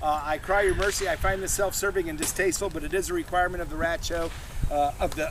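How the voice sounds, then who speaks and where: Loud bantering comic man in his fifties. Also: a little high, fairly even intonation, quick pace. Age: 50s. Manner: loud bantering, chuckles at his own jokes. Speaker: street comedy performer. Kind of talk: live crowd-work comedy show. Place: outdoors at a busy renaissance fair. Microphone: handheld camera in the audience. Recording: loud outdoor crowd on a windy day. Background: crowd.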